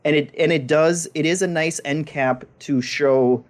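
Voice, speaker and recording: On a games podcast, a male co-host chats casually in a fairly high, unhurried voice. He often repeats words as he thinks.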